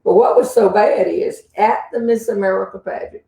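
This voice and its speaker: An older woman with a Southern drawl spins stories in an easy, folksy manner and chuckles along the way. She is a humorist host answering viewers' questions. Her voice sits at an ordinary pitch and is heard from a distance in a roomy space. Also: moderate pace, gravelly, dark tone. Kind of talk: casual storytelling and Q&A.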